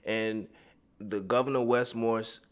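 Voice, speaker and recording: A man's voice: lowish voice, fairly even intonation, a little slow, clean tone. A man giving heated, profane commentary, rambling and drifting off his script. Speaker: commentary vlogger.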